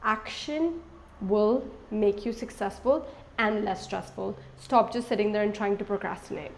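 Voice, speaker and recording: A twentysomething lifestyle vlogger addresses the camera at a measured pace, her medium-pitched voice carrying a darkish tone. She gives chatty, honest life advice, much like an older sister would.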